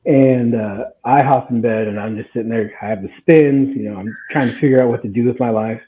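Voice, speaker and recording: A man's voice: mid-range voice, brisk. Laughing young man on a tinny line. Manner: animated, laughing, acts out quotes. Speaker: guest storyteller. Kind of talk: casual podcast storytelling. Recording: tinny phone-like sound.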